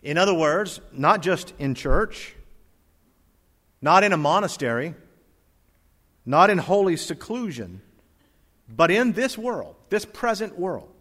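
A man preaching a sermon, reading scripture aloud and swinging between loud emphatic lines and soft quiet ones. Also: sits high, very animated, slow, pauses often. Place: church hall with congregation. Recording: long reverb of a hall.

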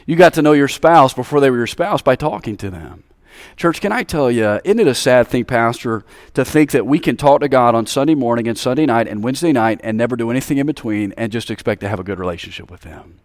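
Speaking fast and animated, this Alabama preacher with a Southern drawl calls out to his congregation, building to a high, fervent pitch. It's a studio-quality recording with no echo.

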